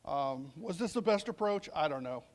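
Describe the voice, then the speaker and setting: High-voiced middle-aged man telling a story. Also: animated, moderate pace. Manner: conversational, acts out dialogue in the story. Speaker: police sergeant speaking at a veterans summit. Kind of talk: storytelling speech.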